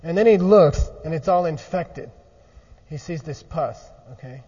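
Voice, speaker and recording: A man teaching a lively philosophy lecture, acting out examples and constantly checking in with his listeners. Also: fairly high pitch, unhurried. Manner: animated, often checks in with 'okay?'. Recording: muffled recording in a large echoey hall.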